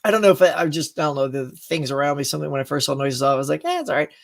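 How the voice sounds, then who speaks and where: A man's voice: on the high side, rapid-fire, creaky. A man hosting a live stream show, chatting casually, reading viewer comments, laughing often and going off on tangents.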